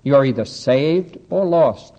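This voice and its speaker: A man preaching a sermon, earnest and steady, slowing down to read scripture aloud and adding light asides to his congregation. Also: mid-range voice, low-quality recording. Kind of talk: sermon with Bible reading.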